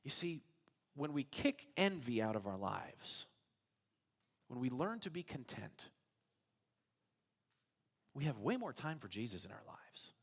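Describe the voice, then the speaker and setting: A man preaching a sermon as pastor, telling a story in an animated way. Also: mid-range voice, measured pace, long pauses, slightly rough. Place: church sanctuary. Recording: church hall reverb.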